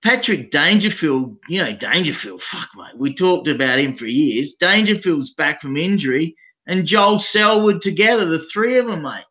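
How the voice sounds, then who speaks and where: Aussie bloke talking footy bets, fired up, bit high voice, dull muffled call sound. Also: male voice, normal speed. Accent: Australian. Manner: blunt, excitable, says "mate" constantly, swears. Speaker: guest betting analyst. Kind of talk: casual sports betting chat.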